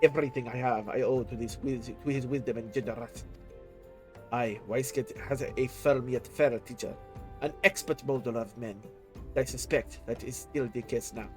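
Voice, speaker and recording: A man's voice: medium pitch, steady tone, normal speed, faint music behind, pitched below the performer's own voice, close to an everyday voice, poor audio. A man reading aloud the lines of a dignified older sea captain in a game, using formal, old-fashioned phrasing. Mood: earnest.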